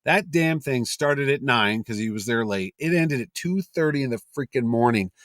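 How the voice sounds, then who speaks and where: Animated man telling stories on a podcast. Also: mid-range voice, normal speed, no echo, studio quality. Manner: animated storyteller, acts out quotes, many fillers and restarts. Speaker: convention promoter, podcast guest. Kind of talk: casual storytelling chat.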